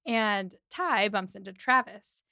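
Her voice is medium in pitch, slow and touched with vocal fry, captured at studio quality with no room sound. As a podcast co-host she walks through a movie scene by scene, quoting the characters in their voices and laughing frequently.

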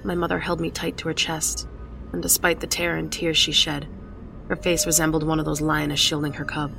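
A woman's voice: low voice, little pitch movement, fairly quick, creaky. A woman narrating a horror story in the first person, with a tense, dramatic reading. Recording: music behind the voice.

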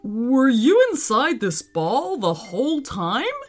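A woman's voice: on the high side, sing-song, slow, faint music behind, full character voice. A woman voicing a cheerful, eager talking pet dog in a children's story.

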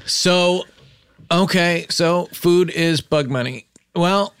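A man co-hosting a casual comedy chat, deadpan and dry with short replies. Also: sits high, slow. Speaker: co-host.

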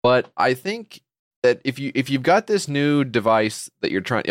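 A middle-aged man co-hosting a podcast, chatting casually in a rambling, jokey, animated way. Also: mid-range voice, measured pace, no echo, clean studio sound. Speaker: podcast co-host. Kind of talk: casual chat.

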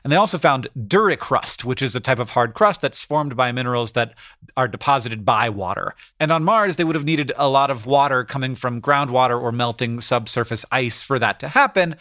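A man's voice: medium pitch, animated, fairly quick, sharp tone, no room sound, studio quality. A man co-hosting a podcast in casual chat, explaining science news in an enthusiastic, chatty way. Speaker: podcast co-host.

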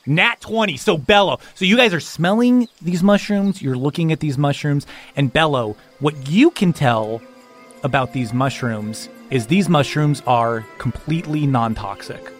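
A man narrating a tabletop role-playing game as game master, building scenes in a deadpan way, with frequent fillers. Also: a little high, unhurried, soft background music.

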